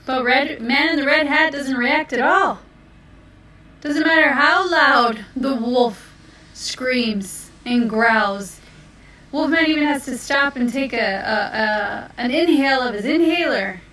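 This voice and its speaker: Brief: a woman storyteller, playful, bright voice, slow delivery, distant mic in an echoey room. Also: sits high. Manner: playful, unhurried.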